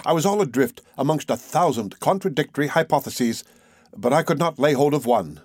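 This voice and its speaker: A man reading a classic novel aloud in a measured, expressive way. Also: mid-range voice, husky, no echo, clean studio sound. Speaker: audiobook narrator. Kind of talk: scripted narration of a classic novel.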